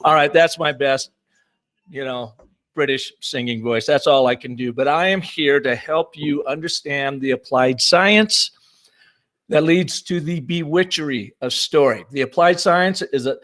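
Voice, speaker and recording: A man's voice: on the high side, unhurried, fairly bright tone. A man in his fifties giving an enthusiastic, punchy conference presentation on storytelling. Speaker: marketing speaker.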